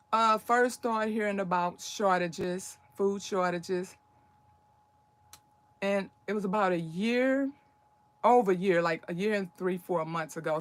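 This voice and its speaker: An older woman hosting a casual livestream, talking in an urgent, preachy, emphatic way. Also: medium pitch. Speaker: livestream host.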